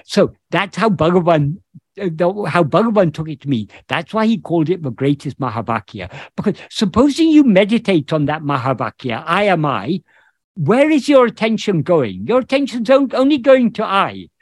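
A man's voice: sits high, big pitch swings, normal speed, no echo, studio quality. A man with a British English accent, a spiritual teacher explaining scripture on a video call, thoughtful and searching for words with many restarts. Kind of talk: explaining scripture in an online meeting.

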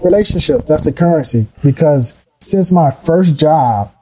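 A middle-aged man telling his career story in a casual, animated way, acting out the voices of people he quotes. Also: fairly high pitch, measured pace, breathy edge, low-quality recording. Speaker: guest.

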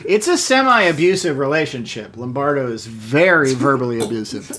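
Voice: medium pitch, expressive, normal speed, pushed and bright, a little hiss or hum. A speaker in a casual chat who rambles, argues and jokes. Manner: rambling, argumentative, joking.

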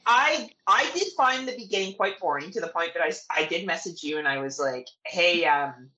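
Her voice sits on the low side, bright and forceful, and she talks fairly quickly. She's a young woman from Canada co-hosting a horror podcast, keeping the chat casual, playful, and crude with frequent laughter, all on a low-quality recording.

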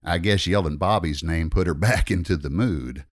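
A man's voice: low voice, normal speed, no room sound, studio quality. Man reciting a wry rhyming story. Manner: wry, rhythmic storytelling delivery. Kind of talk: reciting a rhyming narrative poem.

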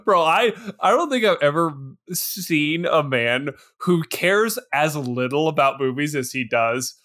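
A young man with a high voice jokes his way through a film discussion. He riffs on gags, laughs often and swears freely. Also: expressive, a little slow, sharp tone. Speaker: podcast co-host. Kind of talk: casual film podcast banter.

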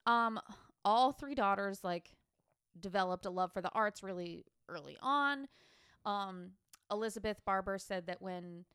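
A woman's voice: mid-range voice, measured pace, fairly bright tone, clear, resonant tone, no echo, clean studio sound. A woman co-hosting a true-crime podcast, chatting casually with lots of fillers and laughter before presenting the case. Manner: giggly, chatty, filler-heavy. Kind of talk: casual chat.

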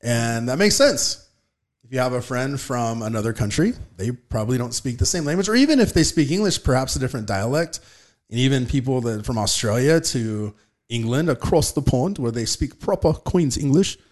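A man hosting a podcast, chatting casually about a book and telling animated personal stories. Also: medium pitch, fairly quick. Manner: chatty storyteller, animated when telling anecdotes. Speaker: podcast host.

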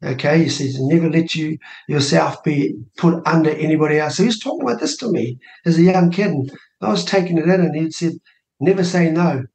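A New Zealand man in his sixties, an election candidate appearing as a guest on a radio show, tells a family story in a casual interview. He's an animated storyteller who acts out the voices of people he quotes, with a fairly high-pitched voice in an echoey room.

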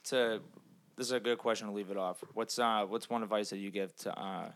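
A man's voice: lowish voice, fairly even intonation, brisk, clean tone. A young man hosting a casual podcast, joking and swearing freely. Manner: rowdy, profane, joking. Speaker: host.

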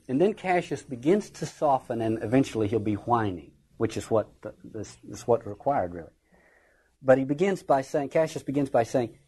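Husky male lecturer, wry and conversational. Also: medium pitch, expressive, moderate pace, mellow, low-quality recording. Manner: conversational, wry, acts out quotations. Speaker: literature lecturer. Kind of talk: informal lecture on a play.

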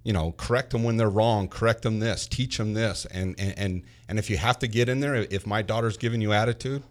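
Man, lowish voice, lively anecdote-telling parent and coach, stumbles over repeated words. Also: fairly quick. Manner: animated, repeats words, acts out quotes. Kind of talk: casual storytelling chat.

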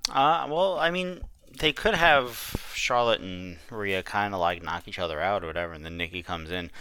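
A man co-hosting a casual wrestling podcast, speaking in a hesitant, measured way. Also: low-pitched, sharp tone, slight background noise. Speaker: podcast co-host.

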